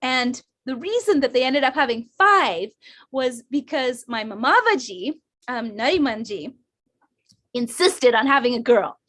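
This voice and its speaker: A woman's voice: high voice, lively intonation, a little slow, a bit bright. A woman with a Canadian English accent giving a chatty storytelling talk to a community event, with fillers and restarts and bursts of rising energy. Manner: bursts of enthusiastic, rising energy when describing her mother. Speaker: speaker at a women's community event.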